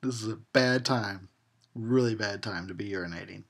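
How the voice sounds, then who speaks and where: A man's voice: lowish voice, moderate pace, gravelly, a bit bright. A man giving a tipsy, sarcastic commentary on a horror film, laughing and swearing as he goes. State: tipsy from drinking.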